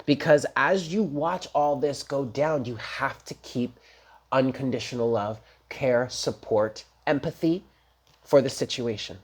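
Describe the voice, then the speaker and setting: Husky-voiced chatty tarot reader. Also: mid-range voice, unhurried. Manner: chatty, emphatic, blunt with casual swearing; talks straight to viewers. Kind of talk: casual daily tarot reading.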